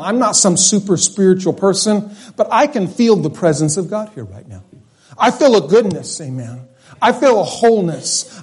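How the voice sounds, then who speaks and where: A man preaching a sermon at a church service, swinging between loud declarations and hushed, low phrases. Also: breathy edge.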